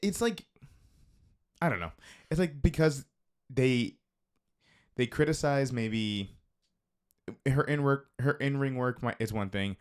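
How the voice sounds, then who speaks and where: A man's voice: mid-range voice, slow pace, long pauses, clean tone. A man co-hosting a live stream in casual chat, teasing his co-host and swearing freely. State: feeling hot.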